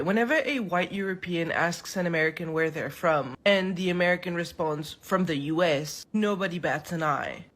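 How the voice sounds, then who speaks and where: A narrator in a clip, explaining a point in a measured, scripted way. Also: medium pitch, a bit bright.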